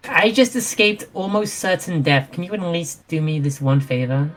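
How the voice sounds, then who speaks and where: A woman voicing a proud young female fox-like pirate castaway, indignant and pleading, in a low voice. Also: normal speed, soft background music, lightly acted. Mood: defensive. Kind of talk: in-character roleplay.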